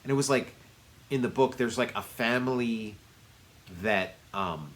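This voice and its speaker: A man's voice: mid-range voice, unhurried, a bit bright. A man co-hosting a casual movie review podcast, rambling and circling back with many fillers. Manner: rambling, lots of fillers and restarts. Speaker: podcast co-host.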